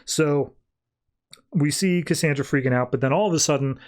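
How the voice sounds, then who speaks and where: A man's voice: on the high side, normal speed. A man hosting a podcast, casually recapping a comic in a chatty, rambling way full of 'like'. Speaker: podcast host.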